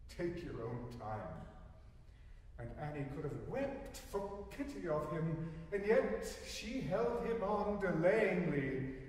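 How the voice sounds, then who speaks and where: Man in his sixties, dramatic poetry recitation, expressive, distant live recording, long concert hall reverb. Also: sits high, takes it slowly, slight background noise. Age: 60s. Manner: expressive, theatrical delivery. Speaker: narrator. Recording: live, roomy hall from afar.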